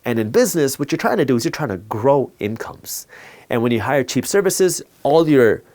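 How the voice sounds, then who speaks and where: Male host for a finance talk. Lively pitch, punchy repetition, storytelling delivery. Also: moderate pace. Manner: emphatic, repeats key words for effect.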